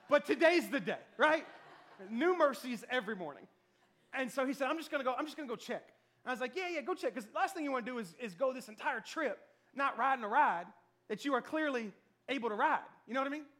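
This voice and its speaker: A man preaching a sermon, telling a lively personal story and acting out the voices of the people in it. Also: very high-pitched. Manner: storytelling, animated, acts out quoted voices. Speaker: pastor.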